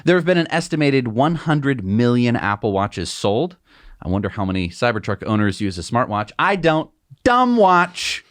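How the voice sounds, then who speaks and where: A man's voice: mid-range voice, animated, normal speed, dry recording, studio quality. A man co-hosting a news show in casual chat, explaining things with everyday comparisons. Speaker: co-host.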